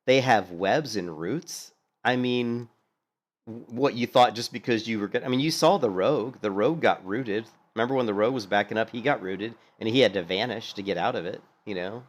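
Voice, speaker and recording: A man giving casual, rambling gaming commentary, animated, with lots of fillers and some swearing. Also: lowish voice, fairly quick. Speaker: gaming streamer commentating on a hardcore game run.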